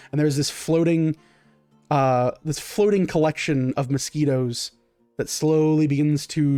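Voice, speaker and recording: A man's voice: fairly high pitch, darkish tone, no echo. Rambling male game master narrating. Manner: rambling, filler-heavy description.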